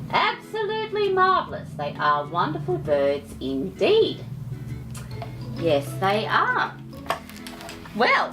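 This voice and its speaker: Slow, sing-song woman reading a storybook. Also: fairly low pitch. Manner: theatrical, affectionate asides to listeners. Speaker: children's storyteller host. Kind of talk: children's picture book read-aloud.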